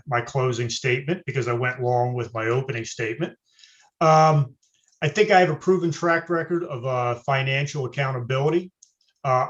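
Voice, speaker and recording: Hesitant candidate, dull video call sound. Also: male voice, medium pitch. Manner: measured, hesitant with frequent uhs. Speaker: city council candidate. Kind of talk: forum answer over video call.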